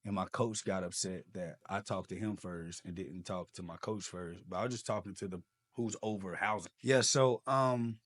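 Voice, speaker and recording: A man with a fairly low voice appears as a podcast guest, recounting his own life story at a moderate pace. He's energetic and animated, slipping into the voices of the people he quotes as he acts out their dialogue.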